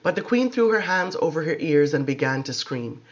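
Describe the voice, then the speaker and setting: High-voiced man narrating an audiobook. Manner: expressive, measured storytelling. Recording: dull lo-fi recording.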